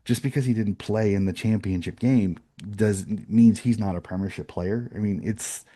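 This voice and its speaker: A man's voice: on the low side, moderate pace, dark tone, no room sound, clean studio sound. A man co-hosting a sports podcast, chatting casually and rambling through opinionated points with frequent restarts. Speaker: podcast co-host.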